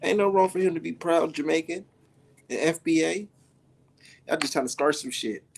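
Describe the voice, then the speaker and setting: A man's voice: fairly high pitch, moderate pace, creaky, slightly rough. A man giving loose, profane reaction commentary, often breaking into laughter and mockery. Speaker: online commentator.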